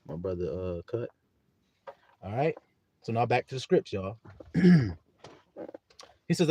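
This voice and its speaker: A man preaching a livestreamed sermon in a folksy, animated way, calling on his listeners and laughing often. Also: fairly low pitch, a little slow, long pauses, dry recording.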